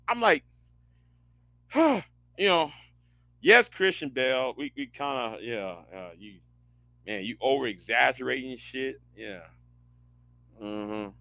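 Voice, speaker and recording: A man hosting a livestream, ranting casually in a profane, animated way, often stammering and restarting his words. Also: a little high, a little slow, pauses often, no echo. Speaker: livestream host.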